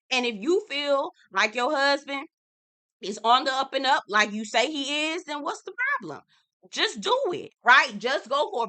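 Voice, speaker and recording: A woman's voice: on the high side, sharp tone. A young adult woman hosting a casual, sassy recap of a reality show, talking straight to viewers and laughing often.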